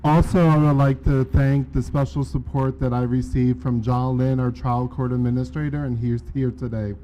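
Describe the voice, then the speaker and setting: A man at a conference podium reads out acknowledgments in a measured, careful way. His voice is warm and relaxed. Faint background noise runs under it. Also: mid-range voice, poor audio. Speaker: conference presenter. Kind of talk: formal acknowledgments. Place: conference room.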